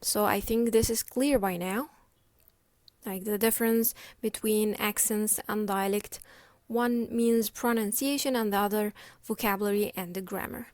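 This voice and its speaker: A woman's voice: medium pitch, fairly even intonation, measured pace, a little mellow, dry recording. A woman teaching a lecture, checking in often with "okay?" and "right?". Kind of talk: explanatory lecture.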